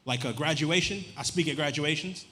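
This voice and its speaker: Male stand-up comic, rambling deadpan delivery, live club room with long reverb. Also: fairly high pitch, a little fast. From Louisiana. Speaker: stand-up comedian. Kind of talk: stand-up comedy set. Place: comedy club stage. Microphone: handheld stage mic.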